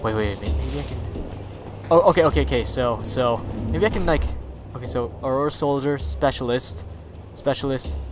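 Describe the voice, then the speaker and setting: A man giving let's play commentary. He is excitable, swears a lot and yells at his game companion. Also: medium pitch, normal speed, music in the background. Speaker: gaming video creator.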